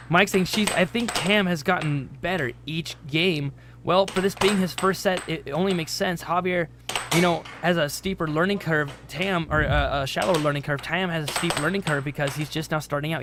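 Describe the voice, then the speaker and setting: Chatty male air hockey commentator. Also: fairly high pitch. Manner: chatty, reads chat aloud, laughs easily. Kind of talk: casual play-by-play commentary. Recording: noisy room.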